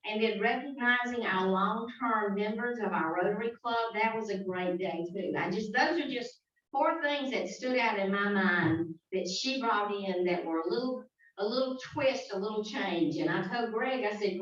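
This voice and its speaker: Southern woman speaking in an echoey hall. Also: fairly high pitch. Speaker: club president. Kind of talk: speech at a meeting. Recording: echoey hall from far off, dull sound.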